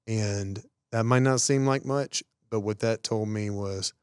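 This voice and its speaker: A man's voice: lowish voice, a little slow, darkish tone, smooth, no echo, clean studio sound. A man co-hosting a podcast, speaking earnestly in casual conversation. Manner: earnest, affirming listener. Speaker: podcast co-host.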